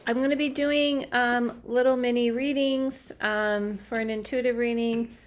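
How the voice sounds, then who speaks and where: A woman's voice: on the high side, steady tone, measured pace. A young woman working as a spiritual medium, chatting casually on a livestream from home, scattered and full of fillers and restarts. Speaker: medium doing live readings. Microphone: phone or webcam livestream.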